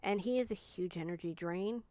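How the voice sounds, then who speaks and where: A woman confides to her camera in a candid, rambling way, weighed down by grief and short on energy. Her voice is smooth and clean, recorded close and dry with no room sound. She talks plainly and from the heart, full of fillers. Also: on the low side, moderate pace, dark tone, no room sound. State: grieving, low on energy. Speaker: vlogger. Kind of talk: personal vlog confiding.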